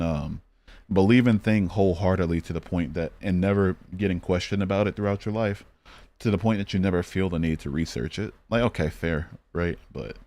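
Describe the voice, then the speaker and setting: A man from Michigan with a deep, darkish voice, recorded with no echo, streams and hosts a casual geography-game session. His talk is blunt, profane, and full of fillers as he thinks aloud.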